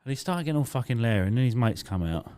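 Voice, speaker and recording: A man's voice: mid-range voice, expressive, very fast, warm tone, smooth. A man, a podcast co-host and doorman, telling a blunt, rambling, sweary story in casual chat. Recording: raw, unedited podcast.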